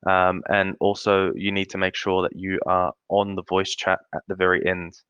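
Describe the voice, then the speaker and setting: A man's voice: sits low, monotone, moderate pace, fairly bright tone, clear, resonant tone, no room sound. An Australian man hosting a live online Q&A over a video call, laid-back and chatty. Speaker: AMA host. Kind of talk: casual live-stream Q&A hosting. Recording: dull lo-fi video call audio.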